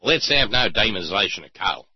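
A man putting on a mock Australian accent to play a blustering male politician, husky and brash. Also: fairly low pitch, big pitch swings, a little fast, no room sound, highs cut off, full character voice. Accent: Australian, put on. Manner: brash, dismissive slogans.

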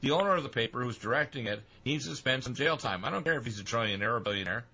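A man in a played clip voicing strong opinions in a halting, stumbling way. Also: mid-range voice, animated, pushed and bright, breathy edge. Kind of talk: opinion talk.

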